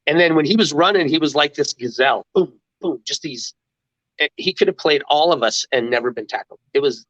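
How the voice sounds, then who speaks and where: A man's voice: a little high, a little fast, a bit bright, no room sound. Middle-aged guy rambling through his stories, lots of restarts, dry slightly dull audio. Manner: rambling, many restarts, laughs while telling stories. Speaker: interview guest, former mascot. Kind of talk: casual storytelling.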